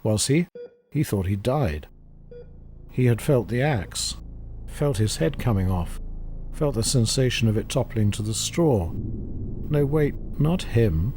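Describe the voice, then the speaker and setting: A man narrating a horror story in a measured, grave manner. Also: mid-range voice, expressive, warm tone, slight background noise. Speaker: audiobook narrator. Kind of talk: scripted narration.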